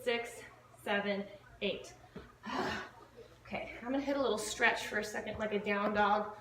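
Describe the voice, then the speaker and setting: A woman's voice: mid-range voice, steady tone, moderate pace, roomy sound, recorded from a distance, background noise. A woman fitness instructor leading a home workout, upbeat and counting reps aloud, a little out of breath as she exercises along. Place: home living room.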